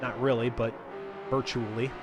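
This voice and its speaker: A man's voice: mid-range voice, level tone, moderate pace, background noise. A man commentating a live sim racing stream as host, chatty and rambling, talking to his chat viewers between calls of the race.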